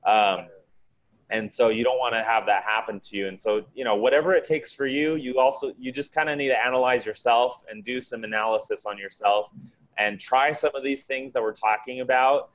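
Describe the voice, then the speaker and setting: A man's voice: medium pitch, fairly even intonation, brisk, poor audio. A man chatting casually on a podcast panel, repeating words and tossing in "right" and "I mean". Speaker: panel guest.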